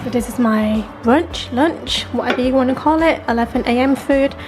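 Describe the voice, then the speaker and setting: Chatty high-voiced woman. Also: moderate pace, over music. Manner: chatty, relaxed, often says um and like. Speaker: vlogger cooking at home. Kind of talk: casual chat. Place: home kitchen.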